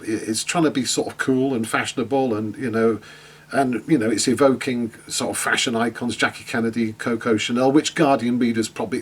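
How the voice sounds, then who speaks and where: Husky man teaching a class. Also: mid-range voice. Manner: chatty, many fillers and restarts, asks students questions. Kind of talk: online lecture.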